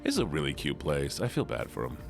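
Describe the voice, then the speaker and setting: Chatty male streamer, lively voice. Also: very deep voice, quick pace, gravelly, music in the background. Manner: chatty, thinks aloud, reacts to chat. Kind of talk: casual chat while gaming.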